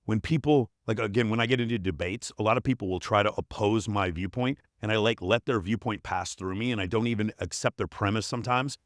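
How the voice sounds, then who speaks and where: Man, low-pitched, podcast guest, blunt and profane, dry close sound. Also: brisk, few pauses, no room sound. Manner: blunt, profane, emphatic storytelling. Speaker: performance coach, podcast guest. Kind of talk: casual interview chat.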